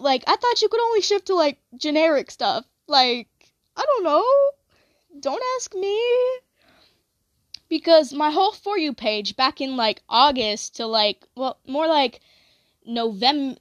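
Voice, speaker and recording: A woman's voice: a little high, no echo, studio quality. A young woman chatting casually, rambling with lots of "like" and self-corrections.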